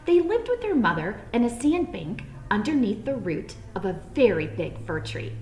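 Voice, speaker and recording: A woman reads a children's storybook aloud, playful and expressive. Her voice sits a little high and moves around a lot. The room gives a roomy echo, with a faint background hum. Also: moderate pace.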